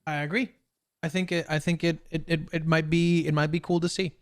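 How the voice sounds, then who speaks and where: A young man co-hosting a podcast over a video call, talking in an excited, rambling way with many restarts. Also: on the high side, a little fast. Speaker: podcast co-host. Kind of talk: casual chat.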